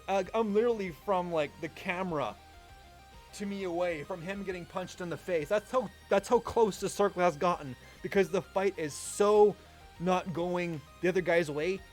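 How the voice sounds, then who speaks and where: A young man streaming live, telling a story casually with lots of swearing and laughter. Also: sits high. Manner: animated, profane, laughing often. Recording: faint music underneath. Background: faint music.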